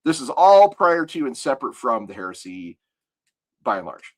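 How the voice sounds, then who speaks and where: A man's voice: medium pitch, big pitch swings, moderate pace. A man co-hosting a podcast, explaining lore at length and thinking aloud in casual talk. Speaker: podcast co-host.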